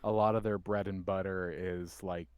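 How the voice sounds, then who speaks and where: A man co-hosting a casual podcast, talking haltingly and restarting his sentences. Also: low voice, level tone, smooth, no echo, lo-fi sound. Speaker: podcast co-host. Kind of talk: casual chat.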